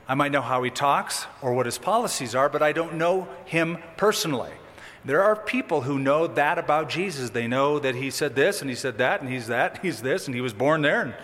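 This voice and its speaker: A man delivers a sermon in a fairly high voice, with theatrical swings between emphatic bursts and quiet, low asides. The sound carries a long reverb tail, as in a large church sanctuary. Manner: animated, dramatic with sudden drops. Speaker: pastor.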